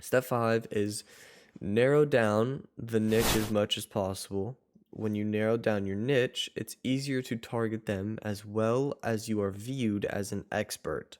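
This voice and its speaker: A man with a fairly low, steady voice and measured pace teaches online course viewers one step at a time. His casual tutorial style is loose and rambling, with sentences often restarted and corrected.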